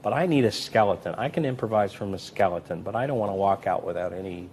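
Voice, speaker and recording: Speaking fast against a faint hiss or hum, a man who works as a magician and comedy performer shares interview anecdotes. He acts out each quoted voice in an animated way, his pitch and volume rising and falling dramatically.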